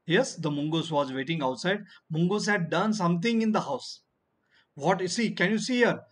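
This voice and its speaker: A man's voice: high-pitched, lively intonation, moderate pace. A man teaching a class over a video call, repeating himself and asking questions he then answers. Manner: repetitive explaining, asks and answers his own questions.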